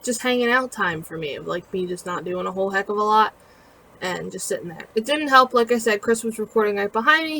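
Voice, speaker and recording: A woman's voice: medium pitch, fairly bright tone, rough recording. A woman casually narrating her own building video in a chatty, rambling, self-deprecating way with lots of fillers, sounding tired. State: tired and yawning.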